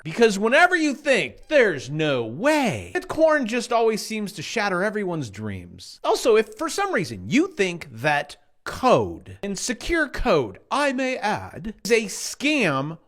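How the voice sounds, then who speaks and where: Animated sarcastic man ranting about charts. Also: sits high. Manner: sarcastic, jumpy, mocking voices of doubters. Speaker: crypto trading vlogger. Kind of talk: casual rant and chart walkthrough.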